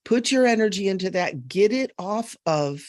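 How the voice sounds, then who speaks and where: A woman psychic medium in an earnest, emphatic live-stream chat, full of quick asides, on a webcam mic. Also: mid-range voice, animated, no echo, studio quality.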